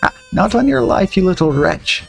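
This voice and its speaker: A man's voice: high voice, sing-song, normal speed, vocal fry, husky, faint music behind, pitched above the performer's own voice, heavily acted. A man voicing a bossy, self-important colonial watchman who barks accusations. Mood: accusing. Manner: blustering, accusing.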